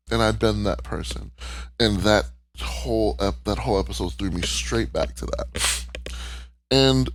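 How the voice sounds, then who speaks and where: A man's voice: on the low side, creaky. A man co-hosting a podcast, talking candidly and emotionally in casual chat, swearing freely. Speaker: podcast co-host. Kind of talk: casual chat recapping a cartoon.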